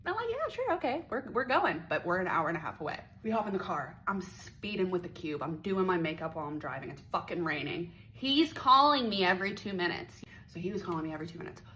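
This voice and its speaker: A woman's voice: lowish voice, quick pace, few pauses, bright, forceful tone, slight background noise, low-quality recording. A young woman telling a story from her teenage years, candid and swearing freely, acting out the voices of the people she quotes. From Pittsburgh area. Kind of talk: casual storytime vlog.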